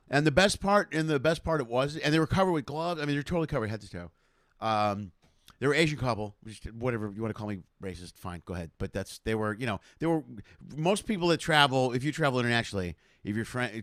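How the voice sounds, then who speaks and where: Fast-talking man telling comic road stories. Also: medium pitch, no room sound, studio quality. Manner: rambling, chatty, animated storytelling with asides. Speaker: comedian hosting a livestream show. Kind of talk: casual stand-up storytelling. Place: home room. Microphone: home webcam setup.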